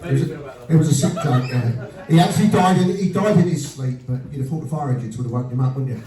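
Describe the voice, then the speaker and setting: Fast-talking blunt stand-up comedian, roomy. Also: male voice, mid-range voice, a crowd in the background. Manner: blunt deadpan storytelling with crude punchlines. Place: comedy venue before a laughing audience. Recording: roomy live venue sound from a distance. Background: audience laughter.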